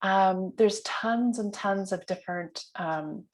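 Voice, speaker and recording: A woman's voice: mid-range voice, slow pace. Chatty woman leading an online workshop. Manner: chatty, with many fillers and restarts. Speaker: workshop trainer. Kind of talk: online training session. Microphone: video call.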